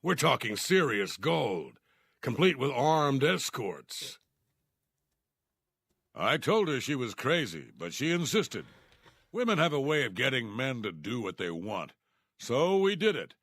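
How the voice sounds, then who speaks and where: A man's voice: medium pitch, very animated, measured pace, creaky, fairly bright tone, no echo, clean studio sound, heavily acted. An actor voicing a bitter, jailed male thief who plots revenge, in a resentful, conspiratorial tone, from a fantasy video game.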